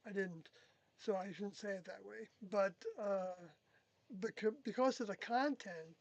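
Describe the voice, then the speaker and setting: Halting, rambling speaker with a dry sound. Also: mid-range voice, gravelly, dry recording, dull audio. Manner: halting, rambling, with many pauses and self-corrections. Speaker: former group member recounting experiences. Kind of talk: unscripted reflective monologue.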